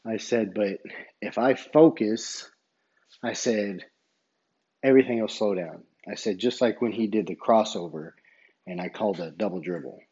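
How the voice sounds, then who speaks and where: A man's voice: on the low side, normal speed, mellow, husky, dull audio. A man who referees basketball, casually telling a story in a rambling way and retelling each exchange line by line. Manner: rambling, retells dialogue with many "I said".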